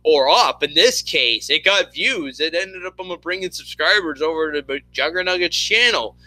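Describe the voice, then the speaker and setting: Man, high voice, very dry close sound, rambling casual chat, lots of fillers. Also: expressive, moderate pace, pushed and bright, no room sound, rough recording. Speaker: streamer chatting with viewers.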